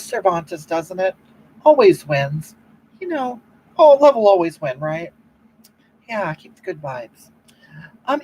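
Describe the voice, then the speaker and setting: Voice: slight background noise, poor audio. A performer playing a self-righteous older woman who hosts a livestream, rambling and preaching about love while reading the chat. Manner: rambling, keeps repeating "you know what?", swoops up and down in pitch. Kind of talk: comedic improvised livestream monologue.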